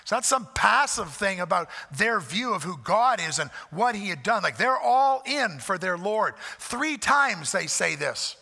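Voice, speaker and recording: A man preaching a sermon, emphatic, swelling loud on repeated phrases, with folksy asides. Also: high-pitched, big pitch swings, measured pace, creaky, hardly any pauses. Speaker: pastor. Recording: long hall reverb.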